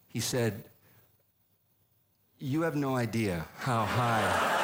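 An older man telling a humorous personal story to a live audience, with deadpan punchlines and measured pauses. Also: medium pitch. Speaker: speaker.

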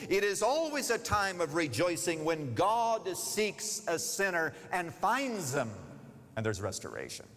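A man's voice: high voice, unhurried. A man preaching a sermon, telling stories with expression and giving the characters their own voices as he urges his listeners. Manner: expressive storytelling, voicing characters, urging listeners. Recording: long reverb of a large hall.

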